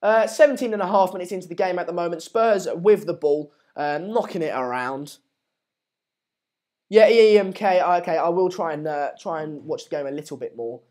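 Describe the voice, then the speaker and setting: A man's voice: high voice, normal speed. Chatty young man streaming live. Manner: chatty, reads out and answers viewer messages, many fillers and restarts; excitable bursts during match updates. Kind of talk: casual live watchalong commentary and chat.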